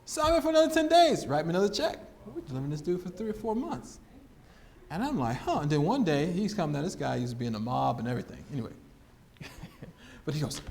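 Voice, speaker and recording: A man shares a testimony. He tells it with plenty of animation, acting out the voices in his story and breaking into laughter, in a voice sitting a bit high for a man. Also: darkish tone. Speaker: guest speaker.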